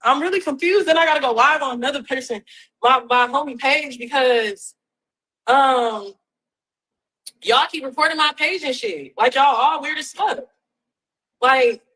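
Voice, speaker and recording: A woman's voice: high voice, bright, forceful tone, poor audio. Defiant, profane young woman on a live stream. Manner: defiant, profane, repeats "straight up". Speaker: reality TV personality on a livestream. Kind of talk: ranting livestream.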